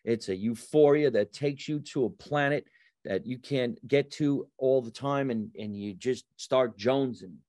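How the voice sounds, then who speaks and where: A man's voice: mid-range voice, a little slow, no echo, clean studio sound. A male comedian guest telling stories in a casual chat, acting out the people he quotes. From New Jersey. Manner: animated storyteller, acts out quotes in raised voices.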